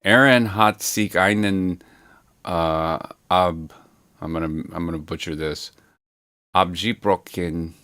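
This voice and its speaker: A man's voice: sits low, steady tone, slow, sharp tone, smooth. A man casually chatting with viewers on a livestream from his home studio, rambling and laid-back, swearing now and then as he reads the chat aloud. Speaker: livestream host.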